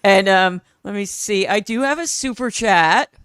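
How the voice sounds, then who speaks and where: A woman's voice: mid-range voice, a little slow, fairly bright tone, clean tone, dry recording. A woman hosting a casual chat stream, chatty and playful, reading viewer messages aloud. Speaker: host.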